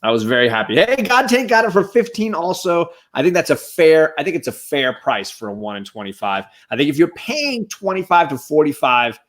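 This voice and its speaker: A man on a casual live stream, giving enthusiastic shout-outs to the chat as a guest co-host. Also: fairly high pitch, big pitch swings, fairly quick, hardly any pauses.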